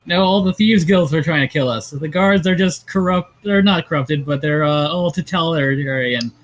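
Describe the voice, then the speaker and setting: A man joins in as a player in a tabletop game, chatting casually. His voice sits high, and he explains things in quick bursts. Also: rough recording.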